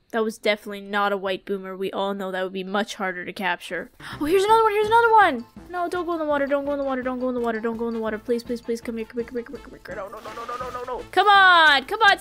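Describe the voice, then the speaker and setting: A young adult woman giving casual gameplay commentary, excitable, pleading with and cursing at the game as she plays. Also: very high-pitched. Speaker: gaming YouTuber.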